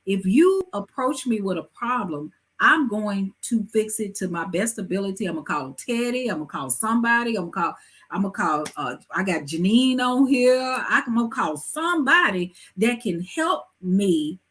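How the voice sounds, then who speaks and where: A woman hosting a live talk show, giving hair-care advice in a lively, preachy way with emphatic asides. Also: mid-range voice, moderate pace, slightly rough. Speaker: host.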